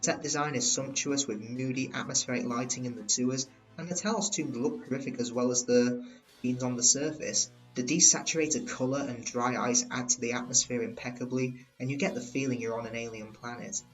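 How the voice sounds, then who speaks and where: A man's voice: mid-range voice, steady tone, brisk, faint music behind. Earnest man on a dull recording. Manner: enthusiastic and earnest. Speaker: video reviewer. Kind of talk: scripted review narration.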